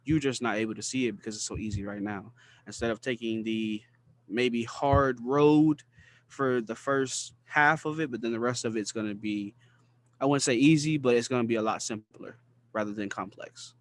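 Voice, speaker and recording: A man co-hosting a podcast, speaking earnestly in casual talk, searching for words and slowing down on key phrases. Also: medium pitch, fairly even intonation. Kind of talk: casual conversation.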